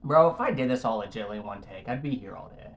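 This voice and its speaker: A man's voice: fairly low pitch, animated, quick pace, slight background noise. A young man commentating his own gameplay, frustrated and swearing at the game as he keeps failing jumps. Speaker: gaming YouTuber. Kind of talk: let's play commentary.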